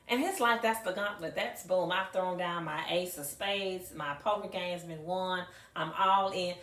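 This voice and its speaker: A middle-aged woman, a high school math teacher, telling stories to an audience with emphatic repetition and acted-out dialogue. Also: normal speed, few pauses, a bit bright. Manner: emphatic, acts out dialogue, repeats phrases for effect. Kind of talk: storytelling talk to an audience. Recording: echoey room, mic at a distance.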